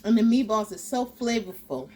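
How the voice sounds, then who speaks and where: A woman hosting a casual home cooking vlog, talking in a relaxed way with lots of ums. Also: fairly high pitch, normal speed. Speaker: cooking vlogger.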